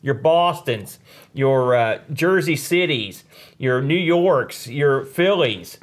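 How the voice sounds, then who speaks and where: A man's voice: mid-range voice, lively intonation, slow pace. A man, co-hosting a casual chat with teasing, joking banter. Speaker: podcast co-host.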